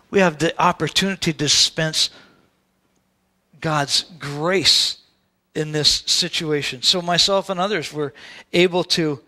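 Man, pastor, church sermon, bright ringing tone, conversational asides. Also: fairly high pitch. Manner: conversational storytelling, with asides to the congregation.

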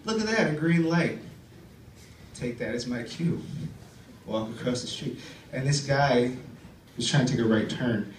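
A man's voice: mid-range voice, a little mellow. A man doing rambling stand-up stories and spoken-word poems at an open mic, full of loose "like"s and "uh"s. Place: club stage before a live audience. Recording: roomy live room, distant mic, faint background noise.

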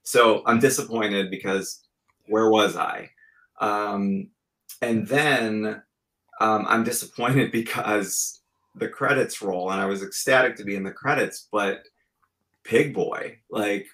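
A man's voice: on the low side, steady tone, takes it slowly, sharp tone, low-quality recording. A man in his forties, a podcast guest, telling stories in an earnest, reflective way in casual chat. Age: 40s.

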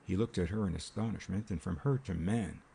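Brief: man narrating an audiobook, measured delivery, low and husky. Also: mellow. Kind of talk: scripted narration.

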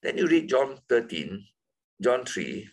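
Male Bible teacher, husky voice, very lively pitch, emphatic classroom delivery. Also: takes it slowly, poor audio. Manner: lively, emphatic, rising high on key words.

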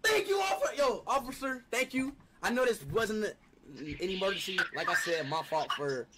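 A man's voice: high voice, moderate pace, very noisy. A young man making a prank phone call in a playful, mock-earnest way, speaking into a streaming mic at his desk. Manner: playful, mock-earnest, bursts into fake panicked yelling.

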